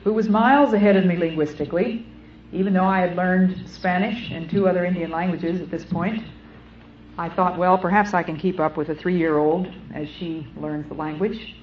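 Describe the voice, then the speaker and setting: A middle-aged woman giving an earnest, measured sermon with deliberate phrasing. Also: lowish voice, fairly even intonation, a little hiss or hum. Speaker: speaker. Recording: muffled old recording in an echoey hall.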